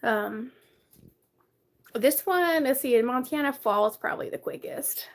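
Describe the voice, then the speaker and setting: A woman's voice: high voice, lively intonation, measured pace. A woman casually chatting on a live stream from her bedroom. She greets viewers by name, laughs often, sounds tired and coughs now and then. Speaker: livestream host.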